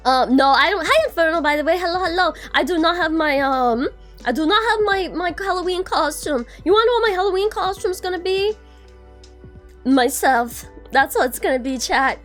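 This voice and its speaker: A woman's voice: very high-pitched, animated, normal speed, fairly bright tone, soft background music. A young adult woman streaming, chatting casually and greeting her viewers by name, bubbly and swearing now and then.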